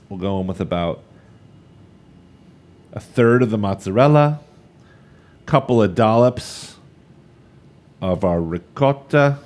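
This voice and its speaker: A man's voice: fairly low pitch, darkish tone. A man in his thirties leading a live cooking demonstration, chatty and upbeat, talking straight to the viewers as he works. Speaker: cooking instructor.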